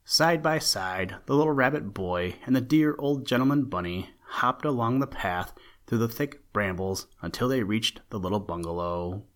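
A man narrating an old-fashioned children's storybook in a gentle storytelling manner. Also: on the low side, lively intonation, moderate pace, few pauses.

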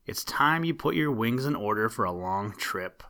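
A man voicing a gruff but good-natured male mallard duck with a hoarse voice in a storybook reading. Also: on the low side, lively intonation, normal speed, bright, forceful tone.

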